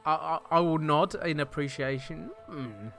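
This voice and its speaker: A man's voice: fairly high pitch, moderate pace, creaky, a bit bright, soft background music. A man playing a tabletop role-playing game, chatty and stammering, with frequent laughter. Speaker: player. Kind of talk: tabletop role-play banter.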